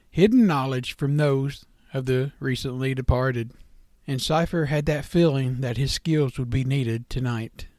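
Guy reading a story out loud, plain unpolished delivery, little stumbles, dry sound. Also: a little high, no echo. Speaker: narrator.

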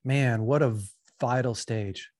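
Male podcast host, dry close sound, soft-spoken and thoughtful. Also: mid-range voice, fairly even intonation, slow, no echo. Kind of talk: podcast conversation.

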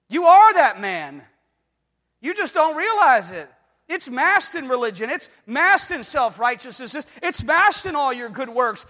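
A very high-pitched, pushed, bright voice belongs to an adult pastor preaching animatedly at a moderate pace in a reverberant hall. His delivery is emphatic, with call-and-response questions asking whether the congregation follows, and he acts out voices in dramatic bursts.

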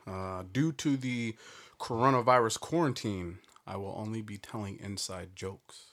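A man's voice: lowish voice, measured pace, a bit bright. A man co-hosting a podcast, telling jokes in a loose, laughing, casual chat. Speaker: podcast co-host.

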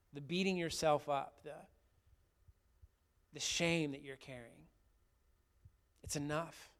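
A man preaching, voicing a tender, forgiving teacher who speaks gently to a grieving follower. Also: on the high side. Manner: gentle, pleading, repeats the name softly.

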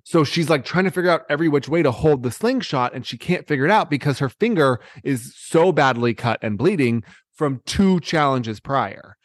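A man co-hosting a casual chat, telling a story excitedly with many fillers and restarts. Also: on the high side, normal speed, no echo, studio quality.

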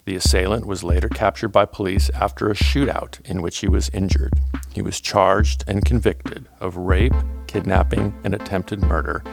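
A man hosting a political history podcast, reading a measured scripted narration. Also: low voice, fairly even intonation, vocal fry, soft background music. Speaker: podcast host.

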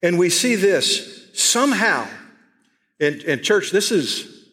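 A middle-aged man with a Texan accent preaching a sermon to his church, emphatic and repeating key phrases, slowing down to stress his points. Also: sits high, very animated, fairly bright tone, in a large hall. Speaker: pastor. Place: church sanctuary.

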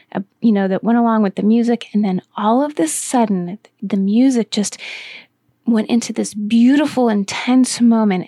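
A middle-aged woman hosts a podcast in a chatty, storytelling way, dotted with casual fillers. Her voice sits a little high. The sound is close and dry, with no room around it. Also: a little mellow, dry recording. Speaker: podcast host. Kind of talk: casual explanatory podcast talk.

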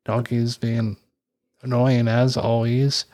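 A man's voice: medium pitch, flat delivery, slow, a little mellow, no echo. A man co-hosting a podcast in casual chat, easygoing and retelling scenes. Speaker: podcast co-host.

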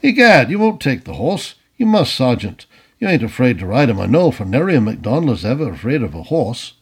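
A man voicing a blustering, excitable older Tory planter in an audiobook reading. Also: medium pitch, brisk, breathy edge, full character voice. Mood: hearty. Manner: excitable, hearty, stammering when flustered.

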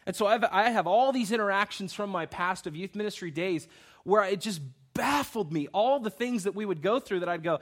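A man's voice: sits high, expressive, brisk. A young man, a pastor, preaching through personal stories and acting out the voices of people he quotes. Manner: storytelling, acts out quoted voices.

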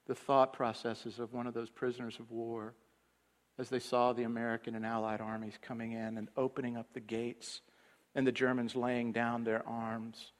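A male pastor preaching with a storyteller's pull, pressing some lines out loud and letting others drop almost to a murmur. His voice sits at an ordinary middle pitch. It rings through a space with a long, lingering reverb. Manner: storytelling, swinging between loud emphasis and hushed low passages. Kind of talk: sermon.

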